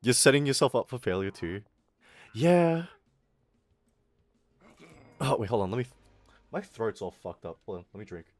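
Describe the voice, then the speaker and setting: A man's voice: fairly low pitch, animated. A young man chatting casually on a live stream, rambling and swearing, laughing often, in his put-on streamer voice. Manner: rambling, profane, quick to laugh.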